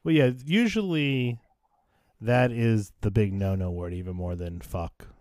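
A man's voice: lowish voice, unhurried, a little mellow, dry recording, clean studio sound. An American man hosting a podcast, chatting casually in a wry, sarcastic manner and swearing freely. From United States. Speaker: podcast host. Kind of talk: casual chat.

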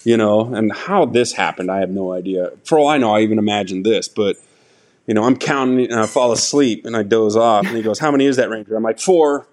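A man's voice: on the low side, fairly quick. A man who is a veteran Army Ranger, a podcast guest who tells stories casually and animatedly, acting out quotes and laughing as he goes.

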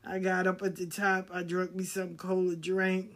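A woman's voice: fairly low pitch, completely flat delivery, moderate pace. Woman telling life stories with laughs. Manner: laughs often, swears freely, preachy and encouraging; repeats herself for emphasis. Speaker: spiritual reader. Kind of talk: casual storytelling on a live video.

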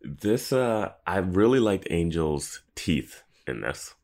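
A man with an extremely deep, gravelly voice that swings widely in pitch. He chats casually on a podcast and trades dry, sarcastic jabs. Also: big pitch swings, slow pace, a little mellow. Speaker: podcast co-host. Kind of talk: casual chat.

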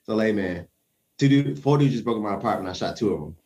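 A man's voice: on the low side, lively intonation, fast talker, a little mellow. A young man telling a story in casual conversation, acting out the quoted voices and chuckling often.

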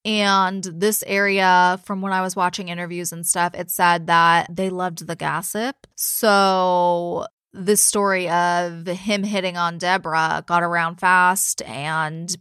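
A woman's voice: lowish voice, flat delivery, takes it slowly, fairly bright tone, clean tone, no room sound, studio quality. A young woman hosting a true-crime podcast, telling the story in a casual, chatty way, cussing freely and filling her talk with "like" and "you know". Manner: chatty, swears freely, many fillers. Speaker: podcast host.

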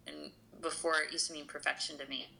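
A woman's voice: sits low, flat delivery, fast, vocal fry, sharp tone, slight background noise, low-quality recording. A woman guest on a podcast, talking earnestly and emotionally, with lots of fillers and restarts. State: tearful. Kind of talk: conversational interview.

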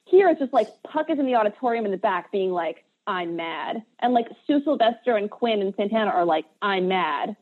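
A woman co-hosting a podcast, recapping an episode in casual chat and acting out characters' lines in quick mock voices. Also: on the high side, animated. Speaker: podcast co-host. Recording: tinny phone-line sound.

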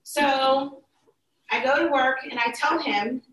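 Woman storyteller, high voice, expressive, recorded at a distance. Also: takes it slowly. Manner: animated, acts out quoted voices, laughs through tears. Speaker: podcast guest telling a story. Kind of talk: casual storytelling chat. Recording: echoey room, mic at a distance.

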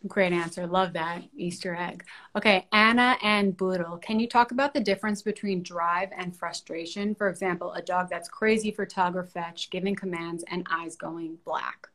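A woman hosts the interview in a brisk, upbeat way, reading out a listener's question. Her voice sits on the lower side for a woman. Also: fairly even intonation, fairly bright tone. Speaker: interview host.

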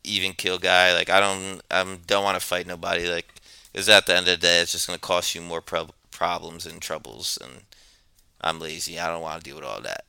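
A man's voice: low-pitched, steady tone, brisk, gravelly, sharp tone, clear, resonant tone, no echo. A man telling a long story in a rambling, laid-back, profane way, as a podcast co-host. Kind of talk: casual storytelling. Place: New York.

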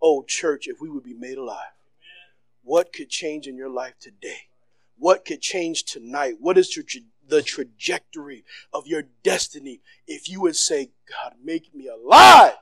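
Loud, animated high-voiced male preacher. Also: moderate pace, no echo. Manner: loud, animated preaching that swings between shouts and soft, low passages; casual slang and repetitions. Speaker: pastor. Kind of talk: sermon.

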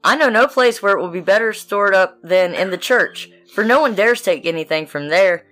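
A woman's voice: mid-range voice, animated, moderate pace, a bit bright, soft background music, natural voice. Sly liar cat, female, sweet-talking in a fairy tale; read by a woman. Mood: coaxing.

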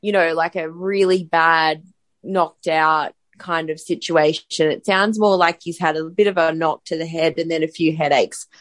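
A woman's voice: low-pitched, steady tone, moderate pace. Bubbly woman panelist. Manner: bubbly, laughs often, talks in long runs. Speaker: podcast guest panelist. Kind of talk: casual podcast chat.

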